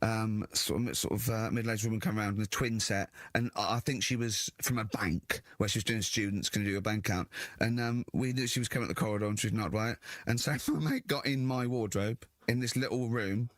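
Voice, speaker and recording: A man's voice: fairly low pitch, no echo, clean studio sound. Man spinning a school story on radio. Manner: animated storyteller, quick to laugh. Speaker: radio host. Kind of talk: casual radio chat. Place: radio studio.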